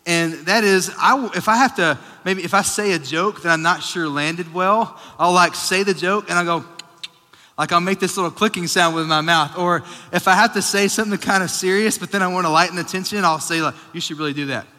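A man's voice: high-pitched, fairly quick, sharp tone. A man in his thirties, a pastor giving a casual, joking, self-deprecating sermon in a church auditorium. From Texas. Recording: long reverb of a large hall.

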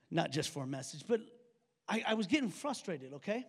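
A high-pitched man delivers a sermon as a pastor, talking to his congregation in a loose, conversational way. He leans on rhetorical questions and quick asides. His voice trails off into the long reverb of a big church hall. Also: sing-song. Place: church auditorium stage.

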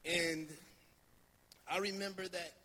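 A man from New Jersey preaching a sermon, telling a story in a lively, anecdotal way with many fillers. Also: high-pitched, slow pace, big-room sound, slight background noise. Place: church sanctuary.

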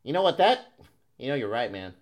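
A man co-hosting as the show's producer in casual chat, dropping wisecracks and deadpan one-liners. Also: medium pitch, fairly quick. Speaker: producer and co-host.

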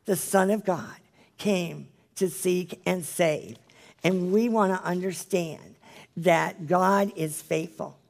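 Gravelly-voiced, earnest Bible study leader. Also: medium pitch. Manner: earnest, pleading, drops to a hushed near-whisper at emotional points. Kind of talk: Bible study teaching and prayer. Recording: live-streamed group Bible study.

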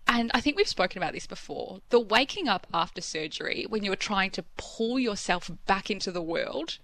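A woman co-hosting a podcast in relaxed chat. She tells her own stories frankly and slips into the voices of the people in them, at a middle pitch. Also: moderate pace. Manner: candid storytelling, acts out quoted voices. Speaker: podcast co-host. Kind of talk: casual chat.

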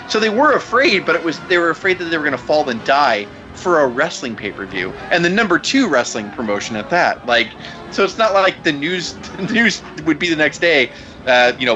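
A man's voice: fairly high pitch, lively intonation, a little fast, lo-fi sound, over music. A man hosting a podcast, telling a story in casual chat, incredulous, laughing and swearing often. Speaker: podcast host.

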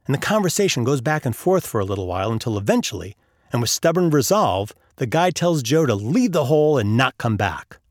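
A man's voice: mid-range voice, big pitch swings, fairly quick, no room sound, studio quality. A man narrating an audiobook chapter, telling a story and lifting his voice for the characters' lines. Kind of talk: audiobook narration with acted dialogue.

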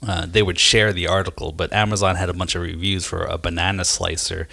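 A man with a very low voice and a bright, forceful edge banters on a casual comedy podcast. He throws in quick one-liners and fumbles through his own stories with plenty of uhs and ums. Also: level tone, gravelly. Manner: quick joking interjections, hesitant with fillers when telling a story. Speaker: podcast co-host.

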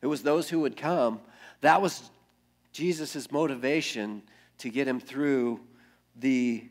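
A man's voice: medium pitch, slow pace. Male pastor, mid-range voice, earnest sermon delivery that builds through repetition and sinks to near-whispers. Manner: earnest, builds with repeated phrases, often drops to a hush.

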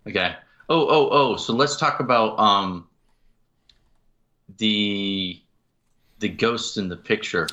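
Bright-voiced joking male co-host. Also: fairly low pitch, slow, long pauses, highs cut off. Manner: joking, riffing, laughs often. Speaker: podcast co-host. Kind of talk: casual chat.

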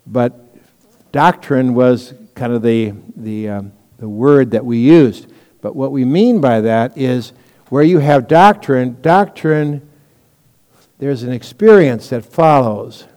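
A man's voice: mid-range voice, unhurried, warm tone, clear, resonant tone, long reverb tail. A man preaching a sermon as pastor, teaching in a conversational way with stories and asides.

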